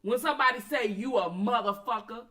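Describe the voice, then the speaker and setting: A high, bright woman, hosting a commentary stream. She talks in blunt, profane bursts and answers her chat directly. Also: a little fast. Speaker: commentary channel host. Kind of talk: casual commentary, addressing viewers and chat.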